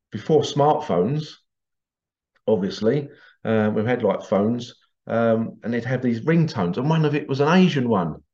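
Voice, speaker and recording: A man's voice: medium pitch, lively intonation, unhurried, a little mellow. A middle-aged man telling rambling anecdotes in a casual monologue, chuckling often and repeating himself. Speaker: tradesman vlogger. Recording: slightly dull lo-fi recording.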